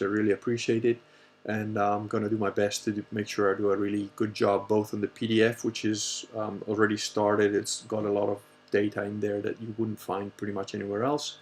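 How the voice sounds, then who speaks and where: A man hosting a casual Q&A livestream, telling a story in a rambling, animated way and swearing freely. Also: lowish voice. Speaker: host answering viewer questions.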